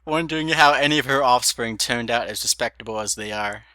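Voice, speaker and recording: A man's voice: medium pitch, fairly quick, pushed and bright, clear, resonant tone, no room sound. A man reading fan fiction aloud, giggling often and swearing with enthusiasm. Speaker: fanfiction reader.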